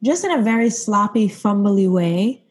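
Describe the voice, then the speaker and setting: Mellow-voiced woman leading a discussion. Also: medium pitch, expressive, husky. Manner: leads with questions, measured and reflective. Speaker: discussion host. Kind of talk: casual discussion.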